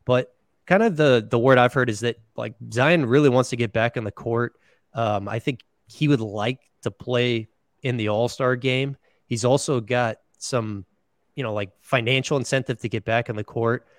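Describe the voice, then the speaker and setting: Homem falando de forma casual e reflexiva. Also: male voice, medium pitch, normal speed, dry recording, clean studio sound. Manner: thoughtful, hedging with "you know, like". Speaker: guest, beat writer. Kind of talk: casual podcast interview.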